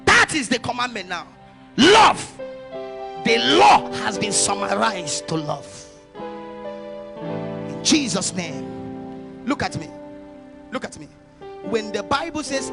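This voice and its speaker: A man from Nigeria, a pastor preaching a sermon at a church service, swinging between loud exhortations and soft urgent passages, with faint music behind. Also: sits high, very animated, unhurried, vocal fry, pauses often.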